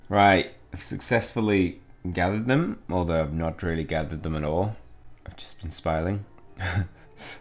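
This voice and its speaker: Gravelly low-voiced gamer. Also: male voice, measured pace. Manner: jokey, chatty, reads game text aloud. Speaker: gaming channel host. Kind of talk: casual let's-play commentary.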